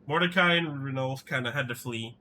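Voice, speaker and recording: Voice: medium pitch, brisk, sharp tone. A streamer from Canada chatting casually and self-deprecatingly while playing a video game. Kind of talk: casual gaming stream chat.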